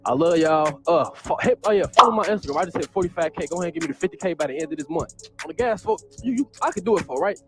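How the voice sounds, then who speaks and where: Hyped young dude hyping his channel, slangy, voice sits high and jumps all over, loud music under him. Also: expressive, very fast. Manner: slangy, hyped, repeats "you feel me". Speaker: content creator. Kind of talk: casual vlog talk to viewers.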